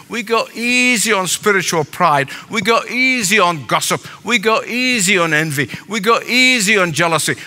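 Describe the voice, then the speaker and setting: Older preacher man, lively, hall reverb. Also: high voice. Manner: emphatic preaching with repetition and asides. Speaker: pastor. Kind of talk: sermon. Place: large church sanctuary.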